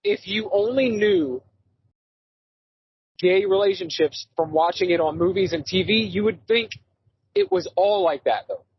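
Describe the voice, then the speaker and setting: A man co-hosting a podcast, animated in casual chat and swearing freely. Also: high voice, a little slow, pauses often, breathy edge, highs cut off. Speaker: podcast co-host.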